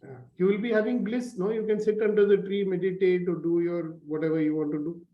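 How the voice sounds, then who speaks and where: A man with an Indian English accent leads a morning coaching call, prodding his listeners with teasing questions and small stories. His voice sits high, and it comes through a roomy, echoey space with dull, muffled online call audio. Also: quick pace. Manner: teasing, questioning, lively storyteller. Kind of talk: conversational coaching talk. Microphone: video call.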